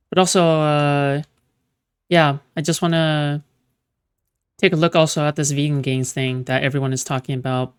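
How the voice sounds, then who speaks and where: A woman talks to her stream audience in a loose, rambling way, checking in with a "okay?" after nearly every thought. Her voice sits very low for a woman and comes through smooth and resonant. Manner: rambling, keeps tagging "okay?". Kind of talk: casual livestream chat.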